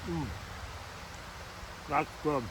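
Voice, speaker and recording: A playful, teasing New co-host chatting on a riverbank during a casual vlog. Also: female voice, deep voice, fairly even intonation, extremely slow. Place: riverbank outdoors. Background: flowing stream and passing traffic.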